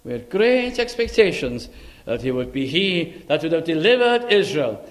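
A man's voice: fairly high pitch, big pitch swings, normal speed. A man preaching, voicing a sad, disappointed male disciple in an earnest, mournful first-person retelling.

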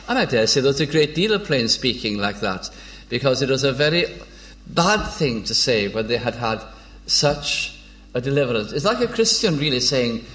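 A man gives an informal sermon on scripture at a middle pitch. He speaks unhurriedly, with frequent hesitations and restarts. When he reads old biblical verses, his tone turns measured. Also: very animated, fairly bright tone. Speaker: preacher.

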